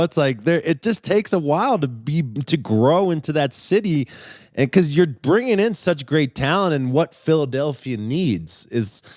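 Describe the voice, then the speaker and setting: A man hosts a podcast in easy casual chat, loose and profane, laughing often. His voice sits at a middling pitch, and the recording is dry and close. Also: darkish tone, dry recording. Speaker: podcast host.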